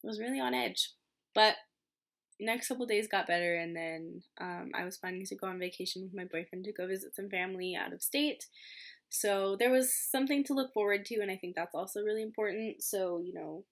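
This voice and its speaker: A young woman in her twenties tells a story to her camera in a loose, chatty way, with plenty of fillers and self-mocking asides. Her voice sits in a middle pitch, and she is recorded at home on a simple camera mic. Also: fairly quick, gravelly. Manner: chatty, filler-heavy, self-deprecating with frequent laughs. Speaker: medical student vlogger.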